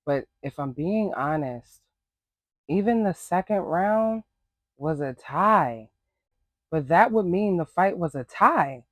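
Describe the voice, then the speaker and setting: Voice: mid-range voice, lively intonation, takes it slowly, dry recording. A host giving casual, sassy reaction commentary on a reality show, blunt and full of rambling asides.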